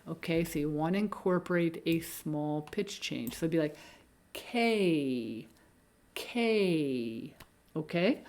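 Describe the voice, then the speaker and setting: Slow, measured woman speech coach. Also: lowish voice. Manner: measured, often checks in with "okay?". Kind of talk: instructional video lesson.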